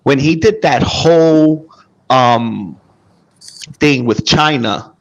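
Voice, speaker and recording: A man's voice: slow pace, lo-fi sound. An everyday man in casual conversation with a mid-range voice. He makes his case with emphasis and breaks things down piece by piece. He acts out both sides of old arguments as he goes. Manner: emphatic, explains with role-played sales pitches. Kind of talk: casual chat.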